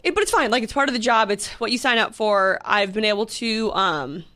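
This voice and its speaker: A woman's voice: a little high, expressive, a little fast, pushed and bright. A young woman in her twenties co-hosting a podcast, telling a story in casual chat with lots of fillers and quoted back-and-forth. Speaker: podcast co-host.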